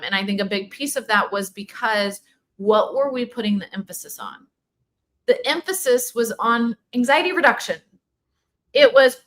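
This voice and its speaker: A middle-aged woman talks through her clinical work in a loose, animated way. Her voice is bright and fairly high, and she keeps slipping into quoted back-and-forth dialogue. She fills her sentences with "like" and "you know.". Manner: animated, conversational, many fillers and quoted dialogue. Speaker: OCD clinician and program leader. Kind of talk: livestream Q&A talk.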